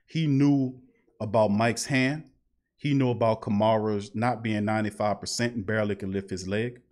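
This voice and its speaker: A man's voice: lowish voice, fairly even intonation, moderate pace, a little mellow. A man hosting a live call-in sports talk show, talking in a heated, emphatic way and repeating his points.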